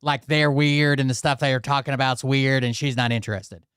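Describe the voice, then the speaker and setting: A man giving casual reaction commentary, rambling with plenty of "like"s. His voice is smooth and crisp, recorded close and dry with no room sound. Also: mid-range voice, fairly even intonation, fairly quick, a bit bright, no room sound. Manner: loose, rambling, many "like"s. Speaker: commentary channel host.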